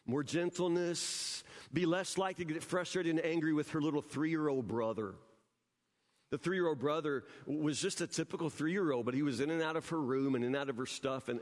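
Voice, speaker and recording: A man's voice: high voice, in a large hall. A man preaching a sermon, telling stories and often restarting his words. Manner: storytelling preacher with repeated word restarts. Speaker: pastor.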